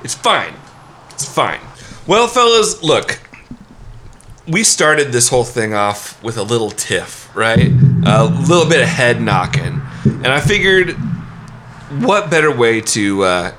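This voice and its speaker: A man hosting a casual podcast, animated and laughing often as he asks his co-hosts questions. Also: medium pitch, a little slow, slight background noise. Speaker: podcast host.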